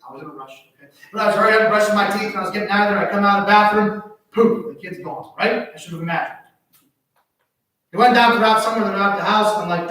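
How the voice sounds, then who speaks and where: A high-voiced pastor preaches a sermon in a church sanctuary, his voice ringing through a very echoey hall from a distant mic, as if he's standing well away from it. Sharing a personal story, he swings animatedly between hushed asides and loud exclamations.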